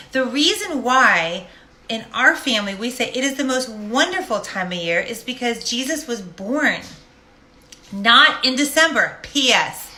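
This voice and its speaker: A woman's voice: fairly high pitch, bright, forceful tone, slight background noise. A woman, a life coach, speaking directly and animatedly in a casual faith-based monologue. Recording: roomy echo.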